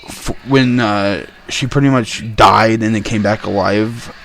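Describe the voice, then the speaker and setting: A young man telling a story in a heated, profane, animated rant. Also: fairly low pitch, a little slow, gravelly, a little hiss or hum. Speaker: vlogger.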